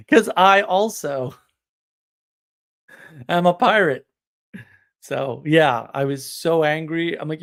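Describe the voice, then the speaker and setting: A man's voice: fairly high pitch, expressive, slow, long pauses, a bit bright. A man hosting a live stream, chatting casually in a rambling way and laughing at his own stories. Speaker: livestream host.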